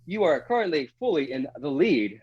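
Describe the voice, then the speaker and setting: A man hosting a comedy panel game. He chuckles often, keeps an upbeat tone and reads each question out slowly. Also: fairly high pitch, sing-song, husky, muffled recording. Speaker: game show host.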